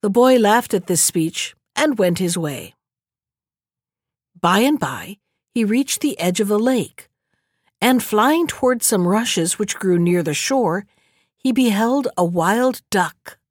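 A woman's voice: mid-range voice, no echo, studio quality. Woman reading a fairy tale aloud. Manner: steady, measured storytelling. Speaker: narrator. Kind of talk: fairy tale audiobook narration.

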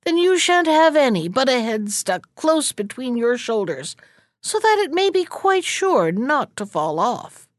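Storybook: sly spiteful old hag, croaky and muttering, a woman voicing her. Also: high voice, very animated, measured pace, dry recording. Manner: muttering, mocking.

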